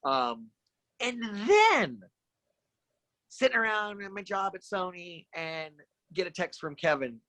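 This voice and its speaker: A middle-aged man with a bright, forward voice, spinning animated anecdotes as a podcast guest. He jumps into the voices of the people he quotes. The sound is close and dry, with no room around it. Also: high-pitched, slow, long pauses, dry recording. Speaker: guest actor. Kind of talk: casual podcast storytelling.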